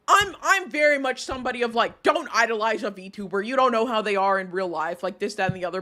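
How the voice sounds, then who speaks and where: A woman's voice: a little high, fast talker, hardly any pauses, pushed and bright. A young woman streamer giving casual live commentary, rambling and heated, with lots of restarts and swearing.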